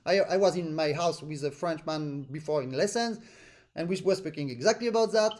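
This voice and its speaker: A man's voice: a little high, fairly quick, a little mellow. A man teaching an online accordion master class over a video call, in non-native English. He sings syllables to show the phrasing. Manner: explains with sung syllables to demonstrate phrasing.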